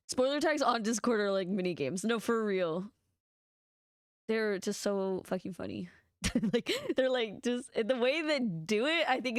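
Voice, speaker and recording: A woman's voice: a little high, dry recording, studio quality. Giggly chatty woman streamer. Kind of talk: casual chat while playing a video game. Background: game music.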